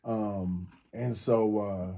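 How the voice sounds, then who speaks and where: A man's voice: fairly low pitch, fairly even intonation, extremely slow, vocal fry, warm tone. A man hosting a podcast, telling a rambling story with many fillers and restarts. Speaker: podcast host. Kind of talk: casual storytelling.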